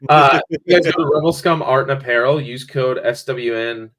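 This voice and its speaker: A man's voice: mid-range voice, normal speed, a bit bright. Easygoing man chatting on a podcast. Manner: easygoing, rambling, many fillers. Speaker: podcast co-host. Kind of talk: casual chat.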